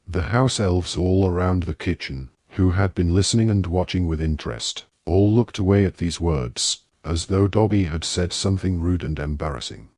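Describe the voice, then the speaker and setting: A man narrates an audiobook with steady storytelling. His voice is low and husky. The sound is close and dry. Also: normal speed, hardly any pauses, dry recording. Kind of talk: scripted narration.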